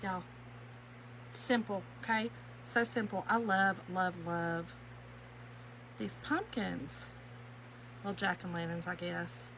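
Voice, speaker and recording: Slow-paced and often pausing, a lowish-voiced Kentucky woman hosts a chatty craft live stream, reading comments and greeting viewers by name. She laughs easily and says "y'all" a lot in her warm, folksy way. A little hiss or hum sits under the low-quality recording.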